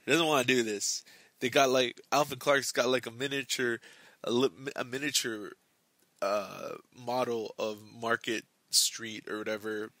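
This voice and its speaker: A young man hosting a casual book club talk, rambling with lots of halting restarts and fillers, recorded on a close mic. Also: medium pitch, little pitch movement, pushed and bright, dry recording.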